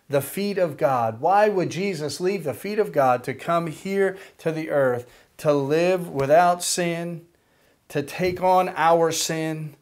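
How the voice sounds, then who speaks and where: An older man preaching a sermon, slow and deliberate, with emphatic pauses and a led prayer. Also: fairly high pitch. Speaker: pastor.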